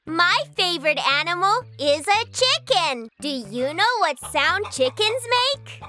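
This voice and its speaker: A woman's voice: extremely high pitch, big pitch swings, a little slow, bright, forceful tone, full character voice. A woman voicing Lou, a cheerful little childlike cartoon creature, speaking in a bubbly, sing-song way for a preschool cartoon. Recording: children's cartoon with music underneath.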